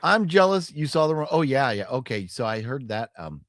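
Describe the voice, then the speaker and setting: A man hosts a casual podcast livestream, tipsy from drinking, rambling and joking as he reads viewer comments aloud. His medium-pitched voice swings widely in pitch and runs a little fast. The recording is clean studio sound with no room sound.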